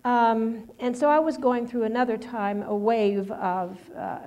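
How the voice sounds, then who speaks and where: A woman's voice: fairly high pitch, steady tone, a little slow, a little mellow. Rambling middle-aged woman preacher. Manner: conversational, rambling with many restarts and fillers. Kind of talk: personal testimony sermon.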